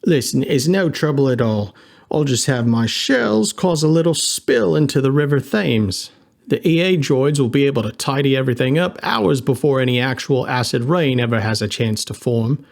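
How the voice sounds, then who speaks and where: A man's voice: medium pitch, lively intonation, moderate pace, vocal fry. A man reading an audiobook, voicing a cheeky, mischievous helper who talks breezily. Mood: breezy.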